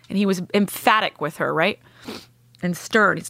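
An earnest young woman talks through a deeply personal story, heartfelt and open, and she slips into the voices of the people she quotes. Her voice sits at a medium pitch. The sound is close and dry, with no room around it. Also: fast, gravelly, a bit bright, no echo. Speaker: guest sharing a personal story.

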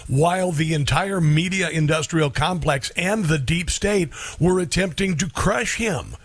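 A male talk radio host with a fairly high voice and a folksy, joking manner. He reads an ad and then interviews a guest with emphasis and humor. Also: unhurried.

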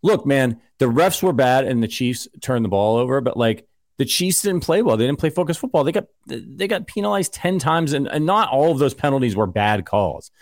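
Man, podcast host, casual sports talk, rambling, argumentative, mid-pitched, dry close mic. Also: expressive, moderate pace, no echo.

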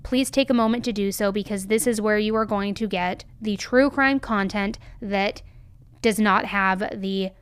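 A woman's voice: medium pitch, normal speed, clear, resonant tone. A woman hosting a true crime show, giving blunt and emphatic commentary into a close mic.

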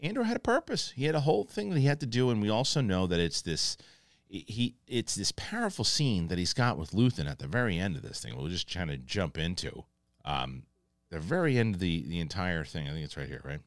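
A man with a fairly low voice reviews a TV episode in a loose, rambling way. His pitch swings widely as he gets excited and acts out scenes. The sound is dry, with no room echo. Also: a little fast. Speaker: TV show reviewer, host. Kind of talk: casual spoken review.

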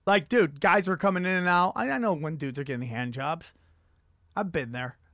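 A man hosting a casual podcast, telling rambling, profane stories with animated energy. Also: on the high side, moderate pace, no room sound, clean studio sound. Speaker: podcast host and comedian. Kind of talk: crude casual chat.

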